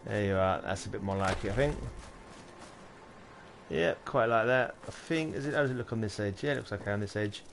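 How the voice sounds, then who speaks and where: A man's voice: lowish voice, a little fast, noisy background. A man, chatting casually on a game livestream and muttering to himself while he builds. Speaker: game streamer.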